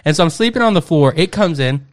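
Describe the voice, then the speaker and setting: A man's voice: on the high side, lively intonation, fast talker. A young man telling a long, rambling anecdote in casual podcast chat. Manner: rambling storyteller, repeats "no joke". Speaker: podcast co-host.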